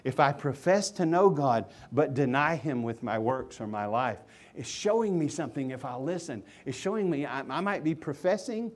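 Male pastor mid-sermon: mid-range voice, earnest preaching, big shifts from loud emphasis to near-whispered asides. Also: lively intonation, moderate pace, few pauses. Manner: preaching with wide swings from loud emphatic questions to hushed low asides. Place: church sanctuary.

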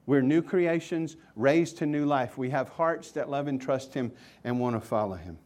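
Male pastor mid-sermon: mid-range voice, earnest preaching, big shifts from loud emphasis to near-whispered asides. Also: normal speed. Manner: preaching with wide swings from loud emphatic questions to hushed low asides. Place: church sanctuary.

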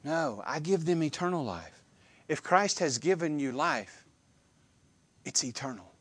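A man preaching a sermon, emphatic and animated, with repeated phrases and questions to the congregation. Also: fairly high pitch, measured pace, pauses often, slightly rough.

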